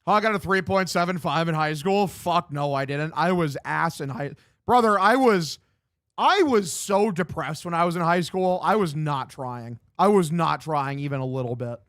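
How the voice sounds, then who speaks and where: Young male streamer, fairly high voice, loose and profane, dead-dry home mic. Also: expressive, moderate pace, a bit bright, dry recording. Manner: loose, profane, reads chat aloud and answers. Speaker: streamer doing live play-by-play. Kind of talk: casual stream chat with play-by-play commentary. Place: home room.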